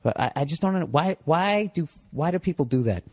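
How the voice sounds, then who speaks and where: Middle-aged boston guy ranting on his podcast, kinda high voice, swears a lot, dead dry room. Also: lively intonation, brisk, a little mellow, no echo. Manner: profane, sarcastic, answers his own questions. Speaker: podcast host. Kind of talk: solo comedic rant.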